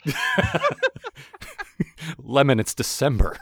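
A man's voice: medium pitch, big pitch swings, slow, a bit bright, slightly rough, no room sound, studio quality. A man co-hosting a podcast in casual chat, wry and chatty and often laughing. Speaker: podcast co-host.

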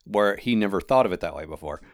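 A man co-hosting a podcast, thinking aloud about a novel in a casual, halting way. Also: fairly low pitch, expressive, dry recording, clean studio sound. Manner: thinks aloud, with fillers and restarts. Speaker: podcast co-host. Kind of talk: casual book discussion.

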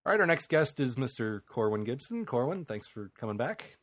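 A man's voice: medium pitch, very animated, normal speed, loud music behind the voice. A man hosting a casual comedy podcast, rambling with frequent fillers and laughs. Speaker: podcast host.

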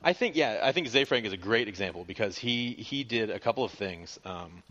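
A man with a low voice who talks quickly in a casual podcast chat. He is self-deprecating and profane and stumbles through restarts. The audio sounds muffled and lo-fi. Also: expressive, pushed and bright. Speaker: podcast co-host.

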